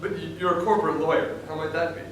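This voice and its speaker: A woman's voice: low-pitched, steady tone, fast talker, background noise, natural voice. An actress playing a curious, skeptical female party guest who asks dry questions. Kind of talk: stage acting in a reading. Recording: echoey room from far off.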